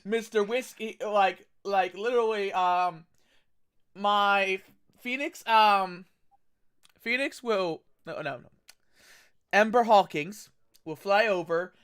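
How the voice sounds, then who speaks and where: A man's voice: sits high, slow, pauses often, a bit bright, smooth. A man playing in a tabletop game, talking in character in a rambling way, often restarting his sentences. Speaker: player.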